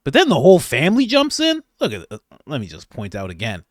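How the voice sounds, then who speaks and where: A man hosting comedic political commentary, animated and laughing, jumping between loud exclamations and mumbled asides. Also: a little high, quick pace, no echo, clean studio sound. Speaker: commentary channel host.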